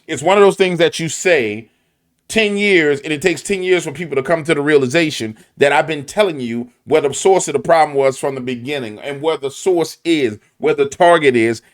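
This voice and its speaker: A man with a New Orleans accent giving animated, preachy commentary full of slang and repetition. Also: on the high side, normal speed. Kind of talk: conspiracy commentary.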